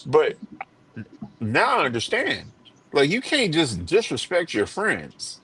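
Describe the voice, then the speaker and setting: A man's voice: on the high side, wildly swooping pitch, slow pace, a bit bright, slightly rough. A man on a live-streamed panel, talking bluntly and swearing freely as he tells stories and acts out other people's lines. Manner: blunt, profane storyteller who acts out quotes. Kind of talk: casual debate chat.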